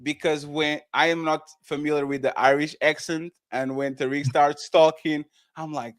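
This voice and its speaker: A man's voice: a little high, level tone, normal speed, few pauses. A man with a New York accent hosting a casual panel podcast, asking loose, rambling questions full of restarts. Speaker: podcast host. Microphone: streamed podcast mic.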